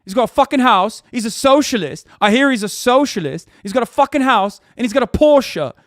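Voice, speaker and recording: A man putting on a mocking British accent, playing a swaggering, smug male influencer with a loud, strutting delivery. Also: extremely high pitch, lively intonation, fairly quick, no echo, clean studio sound, pitched above the performer's own voice. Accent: mock British.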